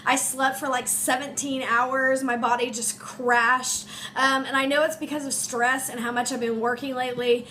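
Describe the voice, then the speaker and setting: A young woman, a teacher, talking in an emotional, halting way full of ums and likes, her voice congested as she recovers from illness. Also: high-pitched, little pitch movement, pushed and bright. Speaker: teacher and vlogger. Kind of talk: emotional personal vlog to camera. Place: home room. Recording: faint room noise, space heater hum.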